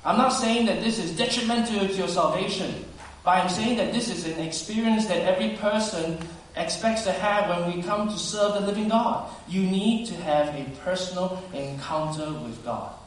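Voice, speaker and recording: An earnest male preacher, his fairly high voice ringing around a large church hall. He stands some way from the mic, and a faint hiss sits under his words. He presses his points loudly, then drops into soft asides. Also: moderate pace. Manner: earnest, swings between loud emphasis and soft hushed asides. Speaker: pastor. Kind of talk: sermon. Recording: very echoey hall, speaker far from mic.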